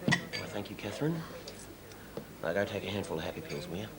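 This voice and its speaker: A wry older Aussie pub regular. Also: male voice, low voice, big pitch swings, a little fast, over a noisy crowd, poor audio. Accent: Australian. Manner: wry, teasing, laid-back. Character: older male pub regular, cocky and mentoring. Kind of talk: film drama acting.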